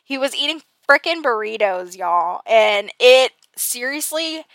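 A woman's voice: fairly high pitch, lively intonation, unhurried, a bit bright, dry recording. A woman, chatting casually on her podcast, exasperated and laughing at herself, with lots of fillers. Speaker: podcast host. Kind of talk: casual personal podcast talk.

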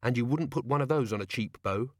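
A man voicing a young werewolf woman officer, brisk and matter-of-fact. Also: mid-range voice, no echo, clean studio sound, lightly acted.

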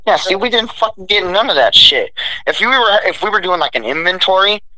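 Bright-voiced, profane young man venting. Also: sits high, brisk, rough recording. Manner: profane, blunt, animated storytelling. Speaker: welder. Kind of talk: casual chat, storytelling.

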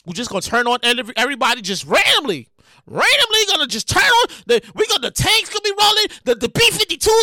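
A podcast host, heard as a woman, ranting excitedly, often stammering and repeating herself, sometimes shouting and making dramatic outbursts. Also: sits high, a little fast, no echo. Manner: sound effects and dramatic outbursts. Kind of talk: excitable comedic rant.

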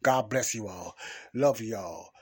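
A man's voice: on the low side, slow pace, slightly rough. A man hosting a Christian talk show, preaching in a casual, repetitive way and often asking "okay?" and "you know.". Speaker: Christian podcast host and preacher.

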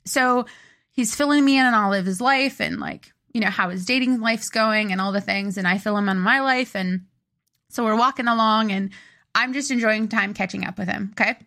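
A woman's voice: mid-range voice, moderate pace, fairly bright tone. A young woman co-hosting a podcast, rambling chattily through a story and poking fun at herself. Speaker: podcast co-host. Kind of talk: casual chat.

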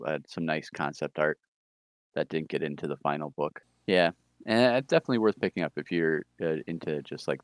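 A man co-hosting a casual podcast, talking through new comic releases in a measured, thinking-aloud way. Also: extremely low pitch, no echo. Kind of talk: casual chat.

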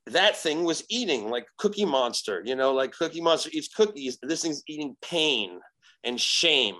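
A man telling a story as a podcast guest, animated and profane, acting out the voices in it. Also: a little high, moderate pace, poor audio. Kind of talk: casual storytelling.

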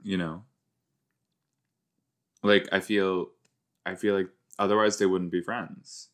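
Man, rewatch podcast host, rambling jokey reactions, lowish voice. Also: level tone, slow, fairly bright tone. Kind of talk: casual reaction commentary.

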